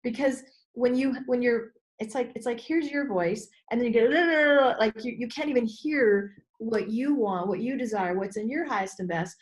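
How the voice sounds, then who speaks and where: A middle-aged woman speaks as a guest coach in an interview, her voice sitting a bit high. She talks expressively and acts out her inner voices, sometimes jumping to sudden high exclamations. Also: normal speed, hardly any pauses. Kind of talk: animated interview talk.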